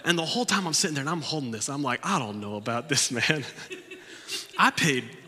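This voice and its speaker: A man's voice: fairly high pitch, wildly swooping pitch, moderate pace, pushed and bright, slight background noise. A young man, a pastor, telling a joking story from his youth in a sermon, acting out the people in it. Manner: joking, self-mocking storyteller, acts out quotes. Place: church sanctuary. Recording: long church reverb.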